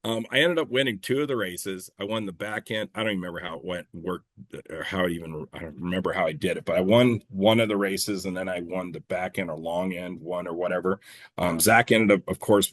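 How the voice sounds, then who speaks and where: Deep-voiced man telling rambling stories. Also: fairly even intonation, fast talker, fairly bright tone, no echo. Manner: rambling, self-correcting, swears freely, laughs at own stories. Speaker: clay shooting competitor and coach, guest. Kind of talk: casual storytelling interview.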